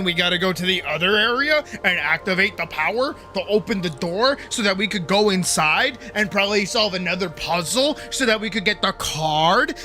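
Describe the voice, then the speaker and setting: A young male streamer ranting at a video game with a very high, bright, cutting voice. He swears constantly and breaks into screams and laughter. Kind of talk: live gameplay commentary.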